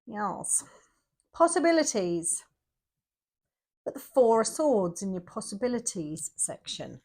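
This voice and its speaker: A woman's voice: mid-range voice, very animated, slow pace, darkish tone. A middle-aged woman giving a casual tarot reading, chatty and emphatic, repeating herself for effect. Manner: chatty, emphatic and repetitive, with bursts of energy. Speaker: tarot reader.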